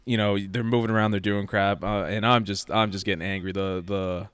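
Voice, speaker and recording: A man in casual podcast chat, telling an animated story and acting out what people said. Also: on the low side, a little fast, smooth, no echo. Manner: animated storyteller, acts out quoted lines.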